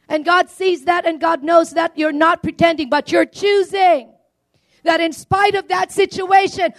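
A married woman preaching a sermon to a congregation, calling for amens, swinging between loud declarations and quiet asides. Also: very high voice, fairly even intonation, normal speed. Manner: call-and-response preaching, asking for amens.

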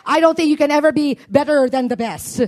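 Animated woman preaching. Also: brisk. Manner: animated, rising to high emphatic peaks. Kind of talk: sermon.

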